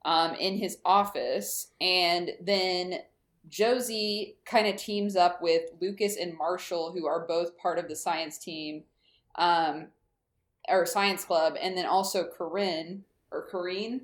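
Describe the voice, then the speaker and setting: A woman's voice: on the low side, fairly even intonation, slow. A woman casually recapping a kids' TV episode on a podcast, chatty with lots of fillers. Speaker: podcast co-host. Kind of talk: casual chat recapping a TV show.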